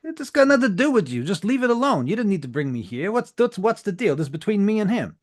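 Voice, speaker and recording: A man voicing Darren, a defensive male street dealer who shouts and curses indignantly. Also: high voice, very animated, fairly quick, gravelly, pitched above the performer's own voice, heavily acted.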